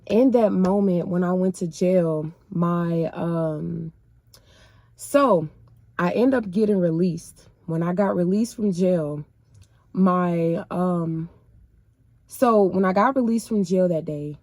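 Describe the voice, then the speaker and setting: A woman's voice: on the low side, slow, mellow, no echo. A woman sharing her personal faith testimony in casual, emotional storytelling, speaking straight to her viewers in a colloquial way.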